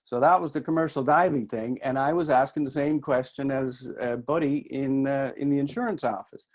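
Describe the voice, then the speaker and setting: A man's voice: medium pitch, normal speed. A middle-aged man from New Brunswick with a mixed Canadian-Irish accent, giving a chatty, self-deprecating workshop talk to an audience. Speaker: workshop speaker.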